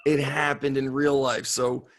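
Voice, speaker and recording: A man who is a strength coach telling a story on an interview in an excitable way, swearing and laughing as he goes. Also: mid-range voice, unhurried. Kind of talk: animated storytelling.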